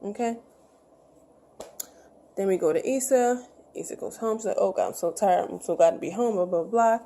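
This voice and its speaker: A woman's voice: medium pitch, moderate pace, creaky, mellow, slight background noise. A woman giving a casual, chatty recap of a TV episode, acting out the characters' lines as she retells scenes. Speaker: show review vlogger.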